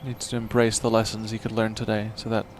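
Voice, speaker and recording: Relaxed male golf commentator. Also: lowish voice, quick pace, a little hiss or hum.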